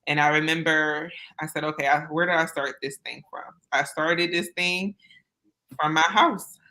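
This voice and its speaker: In an interview, a woman who owns a business tells her own story with earnest candor and casual phrasing. Her voice is deep and bright with a forceful tone, her intonation fairly even and her speed normal. The audio quality is poor.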